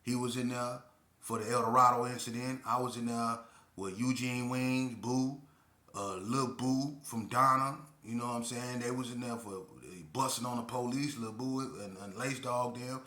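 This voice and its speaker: A man's voice: medium pitch, fairly even intonation, a little slow, bright, forceful tone. A middle-aged man telling a story from his past in a casual, emphatic, streetwise monologue that turns preachy. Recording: echoey room.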